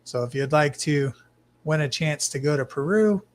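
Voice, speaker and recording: A man hosting a casual live stream from his fish room, greeting chat viewers by name in a relaxed way. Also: on the high side, moderate pace. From Arizona, US. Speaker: livestream host.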